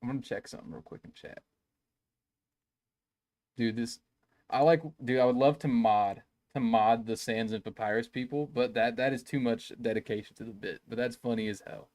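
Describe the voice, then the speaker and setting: A man's voice: medium pitch, fairly even intonation, moderate pace, darkish tone. Joking young man streaming a game. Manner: rambling and joking, chatting with viewers in chat. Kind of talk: casual live-stream commentary.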